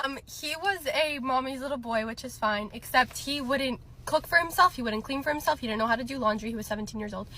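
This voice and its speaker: Young woman, chatty storytime teller, laughs a lot, brightish higher voice. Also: quick pace, few pauses, a little hiss or hum. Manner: chatty, laughing often, many fillers. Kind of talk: casual storytime.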